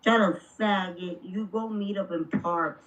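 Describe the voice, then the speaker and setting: A drunk woman in a voice chat, mumbling and hurling taunts on a low mic. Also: fairly even intonation, a little slow. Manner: taunting, insulting. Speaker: voice chat participant. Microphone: low-level mic. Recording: dull lo-fi mic with faint noise.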